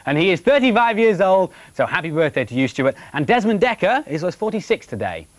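A man's voice: high-pitched, very animated, a little fast, no echo. A man presenting on the radio in a chatty, jokey way, reading out birthday messages.

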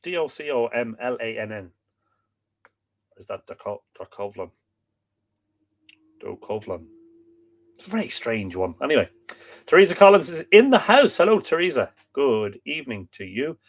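An Irish man hosts a relaxed live stream, reading passages from an old history book aloud. He is sleepy and yawning, trips over difficult names and breaks off to greet viewers with easy jokes. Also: mid-range voice, a little fast. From Ireland. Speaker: livestream host reading aloud.

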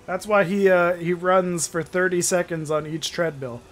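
A man giving casual gameplay commentary, excitable and crude, often laughing and shouting at the game. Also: high voice, normal speed. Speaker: gameplay streamer.

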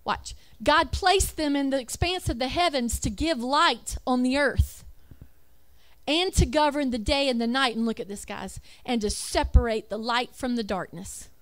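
A woman's voice: high-pitched, normal speed, a bit bright. A woman giving an emphatic religious talk over slides, with rhetorical questions and self-corrections. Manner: reads lists aloud, self-correcting. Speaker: religious speaker.

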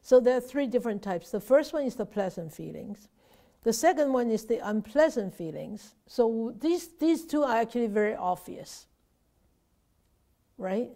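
A woman's voice: a little high, animated, moderate pace, warm tone. A Buddhist nun teaching an informal Dharma class over a video call, talking conversationally, often restarting and repeating words and checking in with her listeners.

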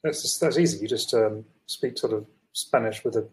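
A man's voice: lowish voice, normal speed. Dry-joking man from the uk. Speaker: co-host. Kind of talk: casual livestream chat.

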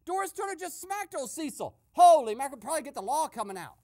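A woman playing an excitable gossipy male radio host. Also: high voice, quick pace. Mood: excited. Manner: gossipy running commentary with exclamations. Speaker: host and narrator. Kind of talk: comedic radio sketch narration.

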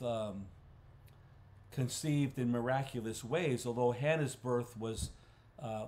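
A man, a pastor, teaching a Bible study in a conversational way, clearing his throat often and restarting phrases. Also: medium pitch, a little mellow, a little hiss or hum. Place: church. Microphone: livestream recording.

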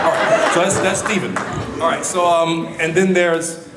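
A man's voice: high-pitched, little pitch movement, moderate pace. A man chatting as a guest on a convention panel, telling stories with a joking, laughing manner. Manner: jokey, laughing, storytelling. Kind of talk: casual convention panel chat. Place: large convention hall. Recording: echoey hall with crowd noise.

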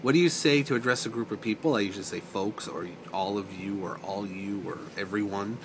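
A man from north of Boston with a softened Boston accent, casually reading a word list and answering questions, adding short explanations to some of the words. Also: lowish voice, a little fast, slight background noise. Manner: relaxed, explains words as he reads them. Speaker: vlogger.

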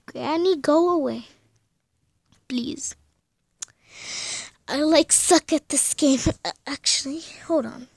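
A woman's voice: high-pitched, takes it slowly, creaky, long pauses, a little mellow, dry recording. A young woman commenting on a horror game from her bedroom, pleading and often dropping to a scared whisper. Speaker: gamer. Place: bedroom at home.

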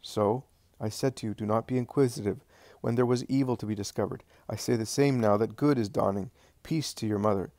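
A man voicing a gentle, joyful and dignified male teacher who speaks in a calm, encouraging way. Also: lowish voice, brisk, dry recording, natural voice.

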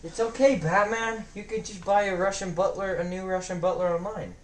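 A man voicing a laid-back male friend who breaks sad news in a calm, offhand way. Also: high-pitched, a little fast, far from the mic, crowd noise, close to an everyday voice, poor audio. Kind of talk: comedy skit voice acting.

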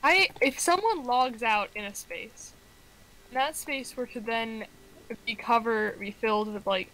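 Young woman gamer friend: giggly, self-mocking, a touch high. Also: a little slow, fairly bright tone, rough recording. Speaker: fellow player. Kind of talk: casual chat while gaming.

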